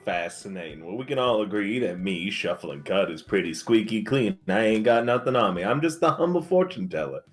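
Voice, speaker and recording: A man's voice: on the low side, lively intonation, brisk, few pauses, faint music behind, voice pushed down, close to an everyday voice. A man voicing a smiling Old West fortune teller and card dealer, teasing in a sly drawl. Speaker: streamer host. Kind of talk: live-streamed murder mystery role-play.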